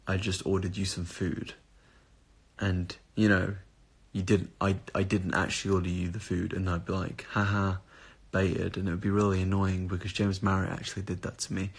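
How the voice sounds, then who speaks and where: A man's voice: low-pitched, creaky, slightly rough. A tired young man chatting casually on a live stream, reading out viewer comments and answering them in a rambling way with casual swearing. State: tired and up at odd hours.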